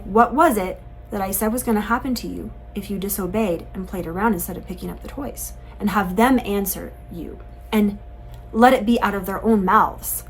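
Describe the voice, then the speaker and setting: A mother teaching other parents in an earnest, calm and firmly instructive talk. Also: on the high side, poor audio.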